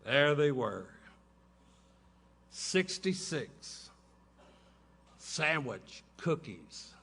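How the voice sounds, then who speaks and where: A man's voice: fairly high pitch, big pitch swings, very slow, creaky, pushed and bright, slightly rough. Folksy man telling funny stories. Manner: folksy, drawling, laughing at his own jokes. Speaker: recovery meeting speaker. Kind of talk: humorous storytelling talk. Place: large hotel ballroom.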